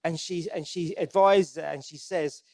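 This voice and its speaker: A man's voice: a little high, fairly even intonation, normal speed, a little mellow. A man preaching a sermon in a conversational, earnest way, often restarting his sentences and asking the congregation questions. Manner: asks the congregation direct questions.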